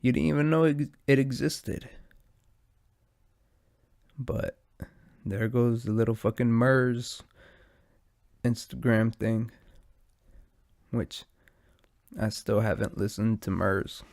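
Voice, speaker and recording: A man's voice: mid-range voice, takes it slowly, creaky, long pauses, a little mellow, dry recording, clean studio sound. A man hosting a podcast, rambling casually with lots of swearing, his nose stuffed and a bit out of breath. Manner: profane, meandering, laid-back. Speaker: podcast host.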